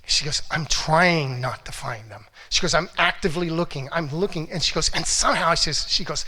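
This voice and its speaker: A middle-aged man giving a motivational talk as a relationship coach, animated storytelling that acts out quotes and swings from hushed to loud. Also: fairly high pitch, fairly quick, few pauses.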